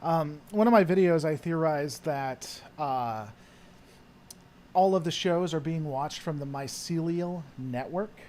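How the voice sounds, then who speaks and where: A man with a voice on the high side and a slightly mellow quality hosts a casual chat, slowly answering viewer questions. He rambles with many fillers and trailing thoughts, and there's slight background noise.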